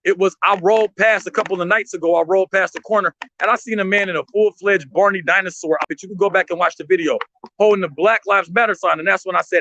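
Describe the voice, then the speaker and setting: A man's voice: sits high, fairly even intonation, fast talker, bright, forceful tone, slight background noise, low-quality recording. A man talking emotionally and emphatically on a livestream from his street stand, in slangy street talk. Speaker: street artist and vendor, livestream guest.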